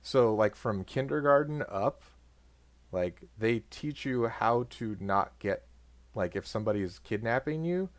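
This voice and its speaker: A man's voice: mid-range voice, lively intonation, unhurried. A man chatting casually, rambling and heavy on fillers as he explains something he saw. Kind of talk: casual chat.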